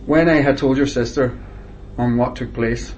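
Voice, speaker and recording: Man, insistent, defensive, mid pitch, faint hiss behind. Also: steady tone, moderate pace, darkish tone, lo-fi sound. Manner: insistent, defensive, repeats himself for stress. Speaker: interviewee at a meeting. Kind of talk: tense back-and-forth questioning.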